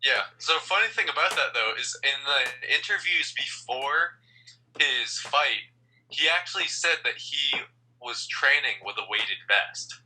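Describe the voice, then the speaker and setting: A man's voice: mid-range voice, animated, unhurried, bright, forceful tone, slight background noise, low-quality recording. A man appearing as a podcast guest, chatting easily with short, agreeable replies. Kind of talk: casual chat.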